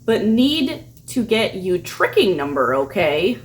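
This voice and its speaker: A woman's voice: mid-range voice, sing-song, slow. A woman reading out a pushy male online scammer's messages, with clipped, awkward phrasing and a repeated "ma'am.".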